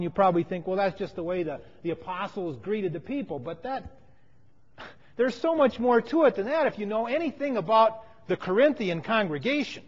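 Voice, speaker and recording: A man preaching a sermon, telling a story from his teaching work with emphatic lines that fall to quiet phrases. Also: sits high. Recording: dull sound with long hall reverb.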